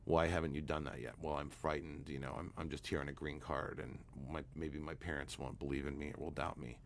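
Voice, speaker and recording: Man with a super deep voice, rambling through a client story, lots of um and you know. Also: fairly quick, vocal fry, slight background noise. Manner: relaxed, rambling anecdote with fillers. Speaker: guest, hypnotherapist. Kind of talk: storytelling interview talk.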